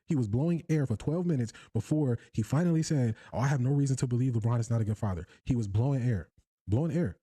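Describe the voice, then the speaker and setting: A man's voice: medium pitch, breathy edge. An American man hosting a casual sports commentary show, talking straight to his viewers and acting out the quotes he breaks down. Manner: animated, acts out quotes, addresses viewers directly.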